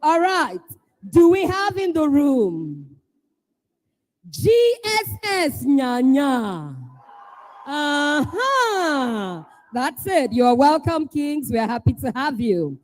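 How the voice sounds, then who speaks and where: A Nigerian woman hosting a live event, calling out schools one by one, playful and teasing, often shouting to get the crowd going. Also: high voice, sing-song, extremely slow. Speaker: event host.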